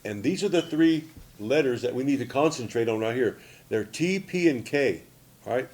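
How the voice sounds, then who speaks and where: A man's voice: medium pitch, lively intonation, moderate pace, a little mellow. Plain-spoken man in his sixties teaching. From Oklahoma. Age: 60s. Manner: plain-spoken, repetitive, frequent "okay?" and "see?" checks. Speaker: language teacher. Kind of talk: casual spoken lesson.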